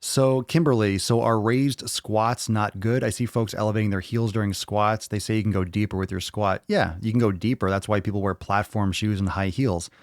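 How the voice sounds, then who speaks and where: A man's voice: lowish voice, fairly even intonation, moderate pace, hardly any pauses, no echo, studio quality. A man hosting a fitness podcast, answering viewer questions in a casual live Q&A, blunt and profane as he reads comments and rants back.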